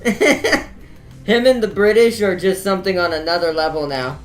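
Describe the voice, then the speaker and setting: A man's voice: sits high, lively intonation, a little slow, faint music behind. A man giving casual gameplay commentary as a streamer, chatty and laughing often while he reads game dialogue aloud. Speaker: let's play streamer. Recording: echoey room.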